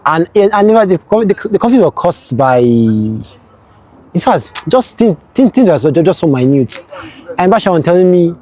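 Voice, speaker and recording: A man's voice: high voice, sing-song, dark tone. A young man recounting camp memories, often repeating words as he gathers his thoughts. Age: young adult. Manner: halting, repeats words as he thinks. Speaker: platoon executive, interviewee. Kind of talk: casual storytelling.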